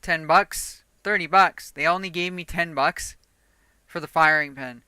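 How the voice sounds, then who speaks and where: A woman streaming a game and chatting casually, profane and quick to laugh. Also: low voice, pushed and bright, smooth, no room sound. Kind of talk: casual gaming stream chat.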